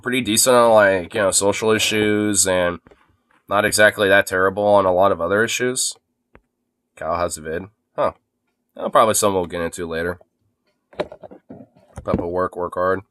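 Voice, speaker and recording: A man's voice: low voice, steady tone, normal speed, pauses often, a bit bright, no room sound. A man chatting casually on a phone livestream, rambling and swearing freely, with lots of fillers. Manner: rambling, profane, heavy use of fillers.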